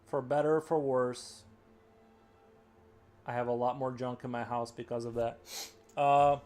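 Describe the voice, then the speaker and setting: A man's voice: mid-range voice, fairly even intonation, unhurried, long pauses, darkish tone. Rambling man chatting on a live stream. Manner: rambling, heavy filler "like". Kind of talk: casual live-stream chat.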